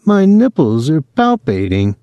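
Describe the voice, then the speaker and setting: A man's voice: fairly high pitch, huge pitch swings, a little slow, no echo, highs cut off, voice pushed up. A man voicing a cheeky teenage boy who provokes with feigned politeness. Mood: mocking. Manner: feigned politeness, mock drama.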